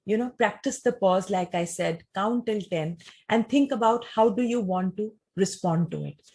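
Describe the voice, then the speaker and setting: A woman gives a talk and answers audience questions in a measured, explanatory way, often using rhetorical questions. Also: mid-range voice, darkish tone, husky.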